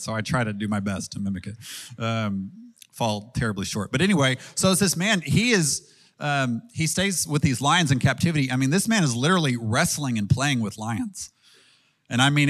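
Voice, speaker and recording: A man's voice: medium pitch, fairly bright tone. Earnest, conversational male preacher. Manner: earnest, conversational preaching with ums and audience questions. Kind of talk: sermon.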